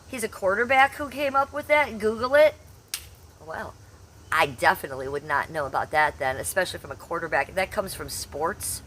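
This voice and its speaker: A woman's voice: low-pitched, pushed and bright, a little hiss or hum. A woman in her fifties chatting brashly on a live stream, reading out and answering the chat with blunt, salty humor. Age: 50s. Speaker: livestreamer.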